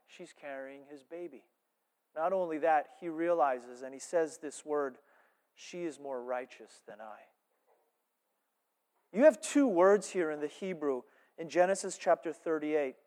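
High-voiced preacher in a ringing hall. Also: male voice. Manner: animated, shifts between loud emphasis and hushed asides. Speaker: pastor. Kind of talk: sermon. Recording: reverberant church hall.

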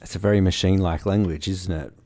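A man's voice: deep voice, steady tone, quick pace, mellow, slight background noise. A man co-hosting a casual chat, explaining a news story in a thoughtful way. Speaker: podcast co-host.

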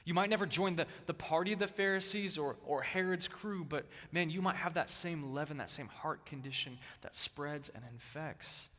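A male pastor preaching a sermon, with emphatic stress that swings between loud bursts and hushed, low lines. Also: normal speed, few pauses. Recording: long hall reverb.

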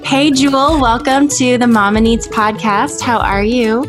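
A woman's voice: fairly high pitch, steady tone, measured pace. Upbeat woman hosting a mom podcast. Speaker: podcast host. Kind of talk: casual podcast conversation. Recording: music under intro.

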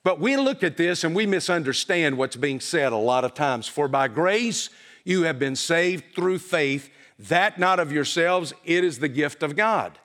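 High-voiced preacher, emphatic and questioning. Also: male voice, lively intonation, measured pace, a bit bright. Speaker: pastor. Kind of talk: sermon. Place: church.

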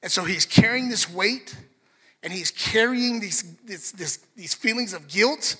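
High, bright-voiced preacher in a reverberant hall. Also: male voice, a little slow, husky. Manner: conversational, earnest, with restarts and asides to the congregation. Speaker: pastor. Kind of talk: sermon.

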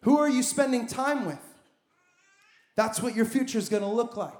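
A man's voice: extremely high pitch, animated, normal speed, darkish tone. A man preaching a sermon as pastor, emphatic and building his points with repeated phrases. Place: church sanctuary. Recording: echoey church hall.

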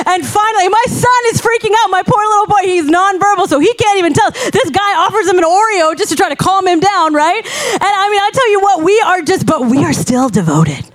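A middle-aged woman pastor preaching a sermon, telling a story with emphatic repetitions and lively momentum. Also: very high-pitched, fairly quick.

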